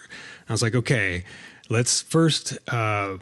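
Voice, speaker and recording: A man's voice: on the low side, lively intonation, fairly quick, a bit bright, slight background noise. A middle-aged man telling a long personal story in a casual, rambling way while playing a game, with many fillers and restarts. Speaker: Minecraft let's play host.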